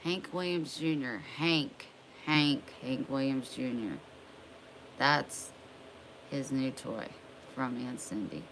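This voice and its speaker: A woman's voice: extremely low pitch, takes it slowly, a bit bright, a little hiss or hum, low-quality recording. A young woman chatting casually on a livestream, drawling and greeting viewers by name. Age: young adult.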